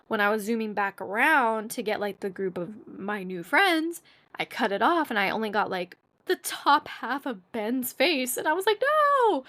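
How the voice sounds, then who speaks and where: Casting note: young woman podcast host, slightly high voice, chatty, animated storytelling. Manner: chatty and animated, acts out quotes in a squeaky voice. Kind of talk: casual storytelling monologue.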